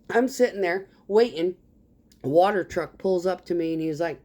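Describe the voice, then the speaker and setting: A woman with a lowish voice tells a long work story in a casual rant. She swears freely and keeps the talk blunt. She acts out the back-and-forth with coworkers as she goes. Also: moderate pace, mellow. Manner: acts out others' lines in quoted dialogue. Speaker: concrete truck driver.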